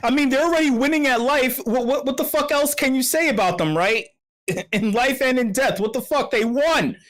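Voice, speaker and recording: A man's voice: extremely high pitch, normal speed, a bit bright. A man hosting an online meetup, rambling through profane comic rants full of restarts and repeated words. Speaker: meetup host. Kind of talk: casual livestream chat.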